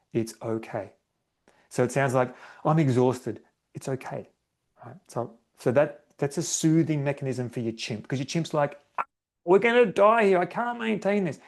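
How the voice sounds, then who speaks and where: A man's voice: mid-range voice, a little mellow. Guy doing a solo running podcast, chatty, keeps saying right?, acts out self-talk. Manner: conversational, acts out inner self-talk, often adds "right?". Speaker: podcast host, running coach.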